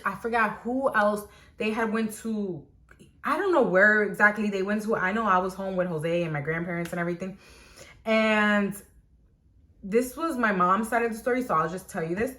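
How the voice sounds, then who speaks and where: A woman's voice: mid-range voice, pushed and bright. A woman telling a personal story to her channel in a casual, chatty way full of "like". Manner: chatty, heavy on "like" and filler. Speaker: vlogger.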